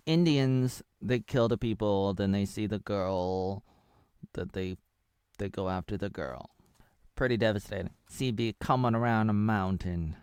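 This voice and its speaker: A man in his thirties from Oregon in the USA rambles through a spoiler review in a stream-of-consciousness way, slipping into murmured asides and bits of jokey commentary. His delivery is slow and unhurried, and his lowish voice sounds smooth and clean. The sound is close and dry. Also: animated, dry recording. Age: 30s. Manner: stream-of-consciousness, drifting between retelling and jokes; breaks into half-sung snippets and murmured asides. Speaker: vlogger reviewing a TV series.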